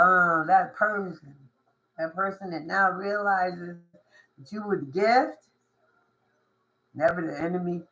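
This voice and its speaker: Slow, bright-voiced woman reading tarot. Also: on the low side, poor audio. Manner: slangy, drawn-out, laughs often, swears. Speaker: tarot reader. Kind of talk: casual tarot reading to camera.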